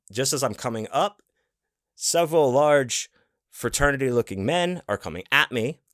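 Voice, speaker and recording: A man's voice: medium pitch, a bit bright, dry recording, clean studio sound. A man hosting a podcast, telling a rambling, profane story in casual chat and acting out the people in it. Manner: profane, rambling, acts out quotes. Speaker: podcast host.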